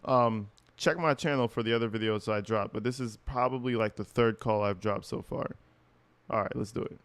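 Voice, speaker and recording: Brief: male channel host reacting casually and bluntly, smooth voice, close dry mic. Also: fairly low pitch, normal speed, no echo.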